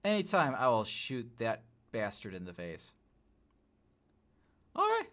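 Male gaming streamer, excitable self-talk, bright tone, pitch leaping all over, keyboard clicks behind. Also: normal speed. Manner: excitable, talks to himself, sudden yelps and swearing. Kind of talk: live gameplay commentary.

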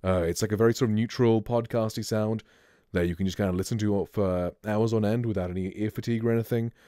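Laid-back low-voiced man reviewing gear. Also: fairly even intonation, fast talker, dark tone, dry recording, clean studio sound. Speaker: streamer reviewing microphones. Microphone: close studio microphone.

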